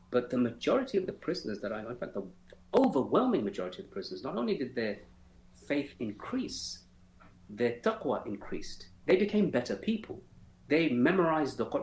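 A man's voice: mid-range voice, a little hiss or hum. A man answering interview questions in an earnest, emphatic way, often restarting sentences and adding devout phrases. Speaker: interview guest, former detainee. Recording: roomy echo.

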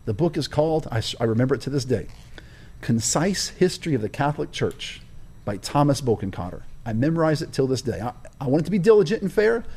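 The voice is a husky, dark male one at medium pitch, sing-song and quick. Guesting in an interview, he relates personal experiences with emphatic, preacher-style stress on key words.

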